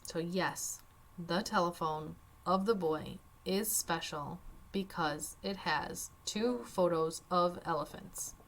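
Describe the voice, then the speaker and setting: A woman's voice: lowish voice, slow. A woman teacher walking through a Spanish worksheet on her screen, casual and chatty with wry asides. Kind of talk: screen-recorded worksheet walkthrough.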